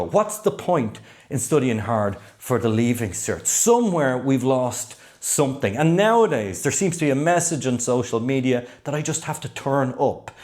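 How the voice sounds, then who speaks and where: A man, middle-aged, speaks straight to camera as a study coach. His voice sits at a mid pitch, and he talks in an earnest, emphatic way. He stacks repeated phrases to drive his points home. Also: a little mellow. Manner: earnest, emphatic, repeats key words for effect. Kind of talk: talking-head advice video.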